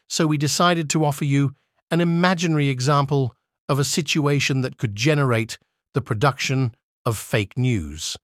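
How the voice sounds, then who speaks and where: Narrator of a student radio play, measured reading, slightly high-pitched male voice. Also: dry recording, studio quality.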